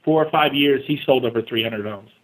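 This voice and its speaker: A man, a real estate agent guest, telling his story in a casual interview, animated and self-deprecating, acting out the dialogue he quotes. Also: medium pitch, a little fast, low-quality recording. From California.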